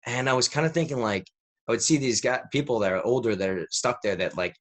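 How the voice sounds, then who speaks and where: A man's voice: medium pitch, fast. A man in his thirties, a podcast guest telling a rambling story in casual interview talk, peppered with "like". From United States. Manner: rambling, animated storyteller who fills with "like".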